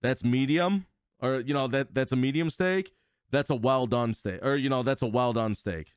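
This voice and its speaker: A man's voice: mid-range voice, moderate pace, clean tone, dry recording, studio quality. A man co-hosting a casual podcast chat, joking around and often stumbling and repeating words. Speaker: podcast co-host.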